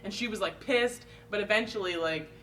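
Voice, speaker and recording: A woman's voice: medium pitch, a little fast, a bit bright, far from the mic, slight background noise, rough recording. A woman co-hosting a casual chat show, telling a story and laughing often. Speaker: co-host.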